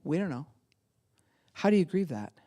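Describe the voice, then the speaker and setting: Animated woman pastor preaching. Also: low-pitched, moderate pace. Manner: animated, acts out quotes, laughs often. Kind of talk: sermon.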